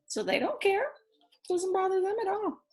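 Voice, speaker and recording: A woman's voice: very high voice, sing-song, moderate pace, a little mellow. A woman reading a picture book aloud, breaking off for chatty asides to her young listeners. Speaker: read-aloud storyteller.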